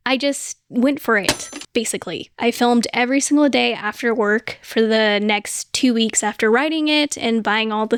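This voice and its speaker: Young woman podcast host, kinda high clear voice, earnest and rambly, dry sound. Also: dry recording. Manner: earnest, rambling, often says "oh my gosh". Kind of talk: solo casual chat.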